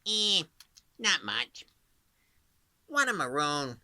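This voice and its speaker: A man's voice: fairly high pitch, sing-song, extremely slow, pushed and bright, voice pushed up, heavily acted. A man doing a wisecracking cartoon rabbit, Bugs Bunny. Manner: talks at the front of the mouth.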